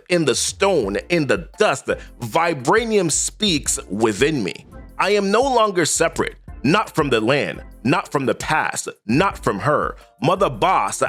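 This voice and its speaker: A man's voice: on the high side, a bit bright, heavily acted. A man doing a solemn panther king. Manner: slow, solemn declarations. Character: stern deep-voiced panther king hero.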